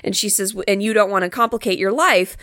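A woman co-hosting a podcast, retelling a film's plot in an animated, casual way. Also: medium pitch, fast talker, no room sound, studio quality. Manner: animated storyteller, acts out quotes. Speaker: podcast co-host. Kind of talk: casual film recap.

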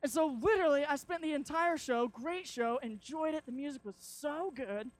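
High-voiced young man preaching animatedly. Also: moderate pace. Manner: animated storytelling, acts out shouts and quotes. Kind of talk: sermon.

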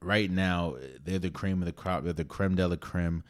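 A man's voice: low-pitched, fairly even intonation, normal speed. A man hosting a podcast, talking through his sports opinions casually and emphatically, with frequent restarts. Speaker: podcast host.

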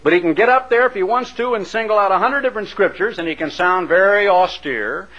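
A man's voice: sits high, brisk, a bit bright, dull audio. A man delivering a radio sermon as an evangelist broadcaster, with dramatic emphasis. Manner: dramatic, swooping emphasis with acted-out voices.

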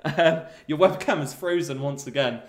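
Animated man pitching a comic story. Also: moderate pace. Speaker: podcast co-host. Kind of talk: casual comedic chat.

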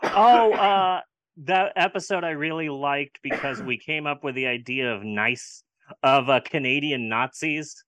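A high-pitched man talks through bad films in a casual, sarcastic way, swearing as he goes. The recording is dry and close, with no room sound. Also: measured pace, a bit bright, no room sound. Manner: sarcastic, profane. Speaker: podcast co-host reviewing films. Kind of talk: casual chat.

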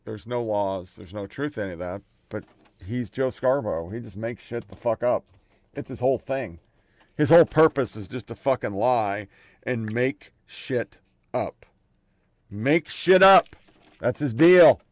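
A man hosting a political commentary show, sarcastic and profane, swinging between loud outbursts and low mutters. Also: animated, normal speed, no echo.

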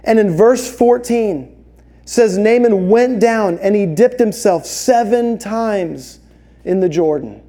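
A man preaching a sermon, telling stories with animated, acted-out quotes. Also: high voice, slow pace. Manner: animated storytelling, acts out voices in quotes. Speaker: pastor.

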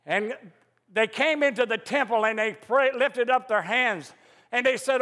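Fervent male preacher with a very high, forceful voice, recorded in an echoey church hall. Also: unhurried. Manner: fervent, emphatic preaching with rising outbursts. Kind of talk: sermon.

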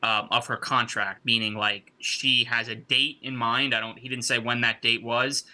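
Male podcast co-host, rambling and profane, with a mid-pitched, very bright, sharp tone. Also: level tone, moderate pace. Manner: rambling, frequent fillers, swears. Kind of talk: casual wrestling talk.

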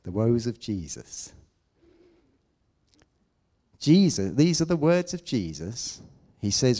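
A man preaching a sermon, emphatic, with loud declamations and quiet asides. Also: medium pitch, very animated, takes it slowly, pauses often.

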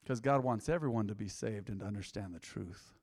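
A man preaching a sermon as pastor, conversational and lively, with sudden loud bursts and quiet drops. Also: fairly low pitch, a little fast, long reverb tail.

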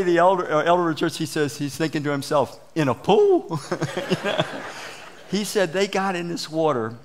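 Middle-aged guy pastor giving a sermon, kinda high voice, relaxed and chatty, asks the crowd stuff. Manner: conversational, chuckling, asks the congregation questions. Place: church sanctuary.

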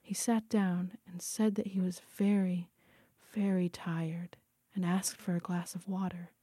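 A woman narrating a story aloud in a quiet, hushed voice that often sinks to a whisper. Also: on the low side, level tone, a little slow, breathy edge, no room sound, studio quality. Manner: hushed, frequently dropping to a whisper. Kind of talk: audiobook reading.

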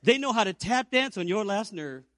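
A man in his fifties preaching an Easter sermon as pastor, building to emphatic peaks and dropping to quiet low stretches. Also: animated, normal speed, dry recording, studio quality.

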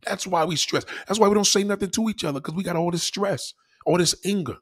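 Husky New York man ranting. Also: sits high, fast. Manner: heated, swearing, preachy. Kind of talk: profane rant to camera.

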